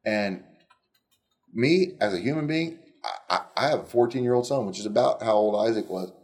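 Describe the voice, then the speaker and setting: Gravelly middle-aged man telling Bible stories. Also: fairly low pitch, moderate pace. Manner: animated, conversational, with frequent restarts. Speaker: Bible teacher. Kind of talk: casual Bible storytelling.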